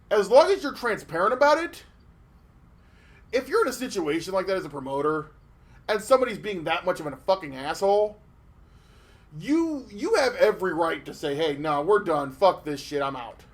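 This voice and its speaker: Male podcast co-host, fairly high voice, swears freely and restarts sentences often, chatty and animated storyteller. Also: brisk, long pauses. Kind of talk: casual podcast chat.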